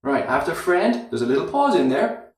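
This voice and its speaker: A man teaching English pronunciation, repeating short phrases slowly and clearly for learners to copy. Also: a little high, big pitch swings. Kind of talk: slow, drilled pronunciation lesson. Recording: very echoey room, mic at a distance.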